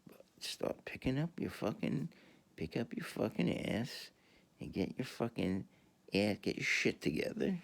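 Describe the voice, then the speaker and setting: A man in a rambling, profane monologue who laughs often and swings from mumbling to shouting. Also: mid-range voice, big pitch swings, measured pace, vocal fry. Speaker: video host.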